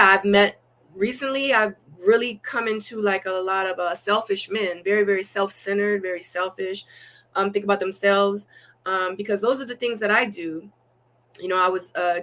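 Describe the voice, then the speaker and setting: A young adult woman chatting as a guest in an interview, telling stories animatedly and acting out what people say, with lots of "like" fillers. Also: mid-range voice. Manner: animated storytelling, acts out quotes, many "like" fillers. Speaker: dating show guest. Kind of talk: casual interview chat.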